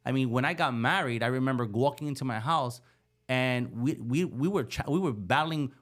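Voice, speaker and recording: Animated storytelling man. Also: mid-range voice, normal speed. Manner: animated, acts out the voices in his stories. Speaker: podcast guest. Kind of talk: storytelling in casual conversation.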